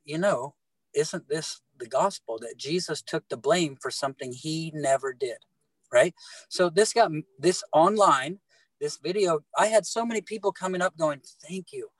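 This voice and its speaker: A middle-aged man telling his faith story in casual talk, animated and halting, often repeating words and restarting. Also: fairly high pitch, no room sound, rough recording. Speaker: guest telling his testimony.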